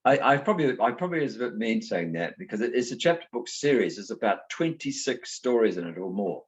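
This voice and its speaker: A middle-aged man from New Zealand, a guest author talking casually in an interview and telling lively anecdotes. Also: medium pitch, fast talker, lo-fi sound. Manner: animated storyteller, acts out voices in anecdotes. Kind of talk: conversational interview.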